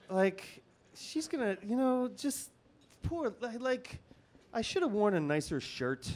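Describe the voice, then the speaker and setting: A man's voice: extremely high pitch, sing-song, slow pace, pauses often, darkish tone, slight background noise. A man telling a rambling comic story on stage at a live show, nervous and full of restarts and fillers. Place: live comedy venue.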